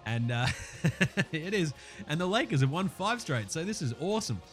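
A man with an Australian accent and a hoarse, sore throat, chatting casually as a podcast host and swearing freely. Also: a little high, big pitch swings, a bit bright, faint music behind. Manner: brisk, swearing, slangy chat.

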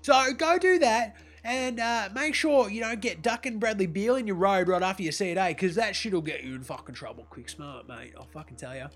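An actor playing a brash, crude young Australian basketball player who rambles defensively and swears constantly, with an Australian accent. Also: male voice, sits high, moderate pace, few pauses, fairly bright tone, faint music behind. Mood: defensive rant. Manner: foul-mouthed, rambling, defensive. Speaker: comedy character. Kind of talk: comedic monologue.

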